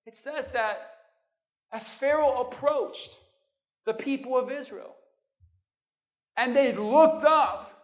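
A woman pastor preaching a sermon, speaking straight to her listeners with rhetorical questions and swinging from loud, urgent pleas to hushed, intimate lines. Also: sits high, slow pace, long pauses. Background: music.

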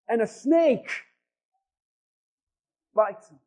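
High-voiced pastor preaching slowly. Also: male voice, darkish tone. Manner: emphatic repetition and rhetorical questions to the congregation. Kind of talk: sermon. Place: church. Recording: dull lo-fi sound.

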